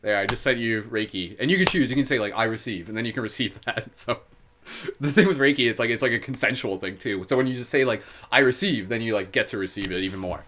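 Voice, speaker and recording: A man's voice: mid-range voice, fast, bright, forceful tone, a little hiss or hum. A man hosting a live guided meditation, upbeat and giggly, with many "like" fillers. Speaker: meditation host.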